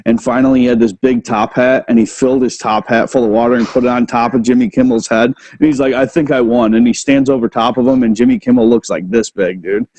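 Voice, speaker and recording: A man's voice: medium pitch, fairly even intonation, quick pace, hardly any pauses, darkish tone, poor audio. A man hosting a casual chat, laid-back and saying "dude" and "man" a lot. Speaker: podcast host.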